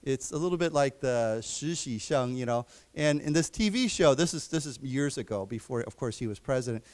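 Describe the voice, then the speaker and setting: A man teaching a live English class, slowly explaining vocabulary and quizzing his students. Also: medium pitch, expressive, darkish tone. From United States. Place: library lecture room.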